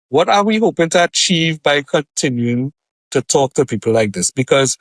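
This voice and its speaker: A man's voice: fairly high pitch, dry recording. A man, co-hosting a casual podcast and telling a story with acted-out voices and frequent laughter. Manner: animated storyteller, acts out voices, laughs often. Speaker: podcast co-host.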